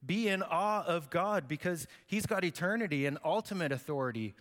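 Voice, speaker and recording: A pastor with a slightly high, fairly bright voice preaches a sermon at a moderate pace, sounding animated. He keeps it conversational and joking and acts out the quotes he reads. A long hall reverb trails his words.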